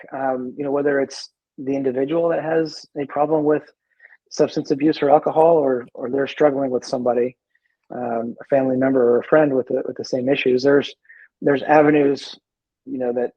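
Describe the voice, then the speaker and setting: A man who is a veteran in recovery, a guest in a casual interview, talking in a halting, easygoing way with many repeated words. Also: mid-range voice, slightly rough, dry recording, highs cut off.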